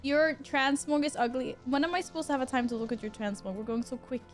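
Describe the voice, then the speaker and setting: A woman's voice: high-pitched, fairly even intonation, fast talker, faint music behind. A woman who grew up speaking Swedish, streaming a game and chatting casually with her viewers, humming to herself between remarks. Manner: chatty, talks to chat while playing, hums to herself. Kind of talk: casual gameplay chat.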